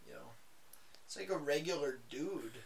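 A man's voice: fairly high pitch, normal speed, creaky. A man co-hosting a podcast in casual chat, rambling and profane with many fillers and restarts. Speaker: podcast co-host. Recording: faint background noise, poor audio.

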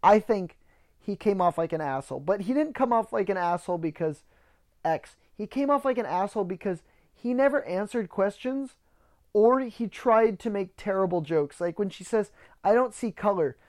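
A man's voice: high-pitched, animated, normal speed. A man hosting a podcast, ranting in a casual monologue, swearing freely and often repeating words as he starts sentences. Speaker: podcast host.

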